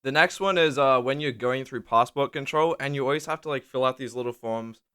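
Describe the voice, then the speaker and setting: A man's voice: medium pitch, brisk, sharp tone, clean tone. A young man in a casual vlog monologue, rambling and joking with crude humor. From Australia. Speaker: YouTuber.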